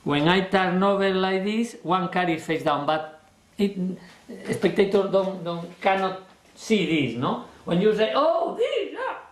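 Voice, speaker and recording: A man with teaching a card trick, explaining in a lively, expressive way and acting out his stage patter. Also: a little slow, roomy sound. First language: not English. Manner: expressive, acts out his stage patter with big jumps in pitch. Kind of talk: explanatory lesson.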